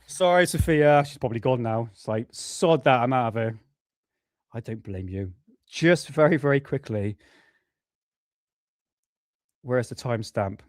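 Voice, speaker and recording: A man's voice: mid-range voice, expressive, measured pace, long pauses, no echo, studio quality. A man casually hosting a live stream, rambling, apologizing often and swearing offhandedly. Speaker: livestream host.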